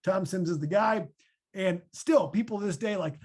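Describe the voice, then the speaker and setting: Husky chatty Midwestern man. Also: high-pitched, normal speed. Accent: Midwestern American. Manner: chatty, animated storyteller. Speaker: podcast guest, former linebacker. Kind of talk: casual podcast Q&A.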